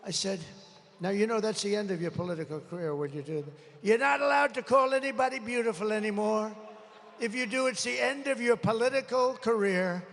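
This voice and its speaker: Gravelly man shouting at a rally. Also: high voice, slight background noise. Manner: rambling, combative, swings between muttering and shouting. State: strained throat. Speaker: political candidate. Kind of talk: campaign rally speech. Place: large rally venue. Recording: live rally with long reverb.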